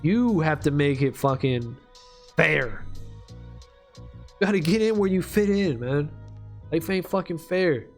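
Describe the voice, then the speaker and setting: Man, high voice, casual rant, lots of swearing, faint music behind. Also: takes it slowly, long pauses. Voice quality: profane, animated ranting. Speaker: video creator. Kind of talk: casual rant while playing a game.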